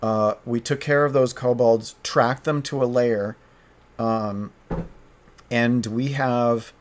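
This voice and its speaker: A man playing a tabletop game solo, narrating as he thinks aloud, halting and restarting often. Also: medium pitch, fairly even intonation, a little hiss or hum. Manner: halting, hesitant, frequent restarts.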